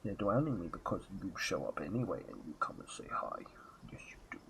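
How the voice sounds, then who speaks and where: A man's voice: low voice, big pitch swings, a little fast, gravelly, fairly bright tone, slight background noise. A man chatting casually while live-streaming a game, self-mocking and muttering asides into a headset.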